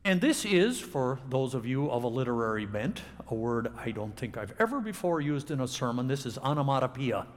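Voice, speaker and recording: A man preaching a sermon to a congregation, with dramatic pauses and expressive delivery. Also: mid-range voice, long reverb tail. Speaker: pastor. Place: church sanctuary.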